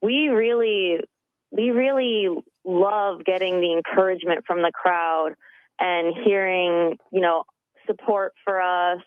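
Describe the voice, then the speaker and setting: A woman's voice: lowish voice, slow pace, dry recording. Woman guest on a tinny phone line. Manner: upbeat and earnest, with many "you know" fillers. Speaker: wrestling coach, phone-in guest. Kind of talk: phone interview.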